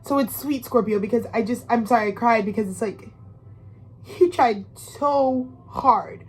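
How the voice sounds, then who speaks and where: A woman's voice: a little high, a little slow, breathy edge. Heartfelt rambling woman in her twenties. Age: 20s. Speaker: astrology tarot reader. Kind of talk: emotional monologue reading.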